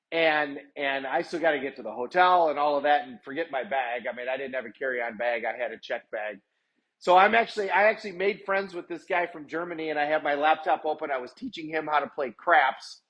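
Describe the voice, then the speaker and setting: A man with a voice pitched a little above most men's tells a personal story in a loose, conversational way. He rambles along with plenty of "I'm like" asides and acts out each person he quotes. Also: a bit bright. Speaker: lawyer sharing personal stories.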